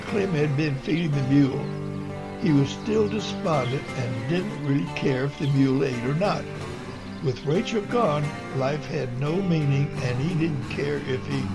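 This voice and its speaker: An earnest male storyteller reading a homespun tale, stumbling now and then. His voice is somewhat high with a gravelly texture. Music plays clearly under the narration.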